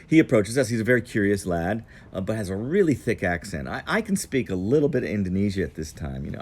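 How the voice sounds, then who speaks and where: Low-voiced man telling a rambling story. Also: very animated, darkish tone, breathy edge. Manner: meandering, digressive, unhurried. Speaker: travel storyteller. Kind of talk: casual storytelling. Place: outdoor patio.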